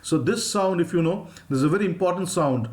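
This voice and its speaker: A man's voice: high-pitched, lively intonation, fast talker, darkish tone, reverberant. A man with an Indian English accent teaching an online phonetics lesson, patiently modelling sounds for students to repeat.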